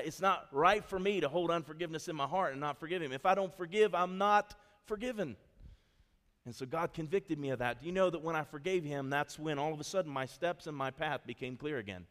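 Animated preaching man in a reverberant hall. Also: on the high side. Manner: animated storytelling, acts out quotes. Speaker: pastor. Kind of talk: sermon.

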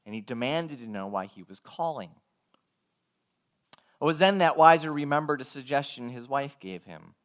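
A man preaching a sermon, telling a story in an earnest, measured way and acting out the dialogue. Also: medium pitch, lively intonation, a bit bright.

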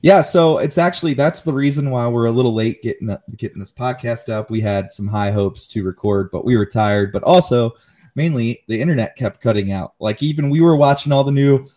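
A male podcast co-host talking in a casual, animated way. He rants with plenty of swearing, and his voice sits at a middling pitch for a man. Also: normal speed. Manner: animated ranting, swears freely. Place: Cincinnati area.

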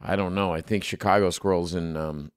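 A man's voice: sits low, brisk, clean tone. Playful man reading listener stories. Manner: playful, teasing, animated when reading. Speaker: podcast co-host.

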